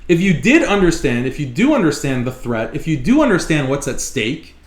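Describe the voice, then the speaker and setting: Male live-show host, fairly high voice, emphatic and repetitive, echoey room. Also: very animated, a little fast. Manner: emphatic, repeats points for stress. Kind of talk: live solo commentary.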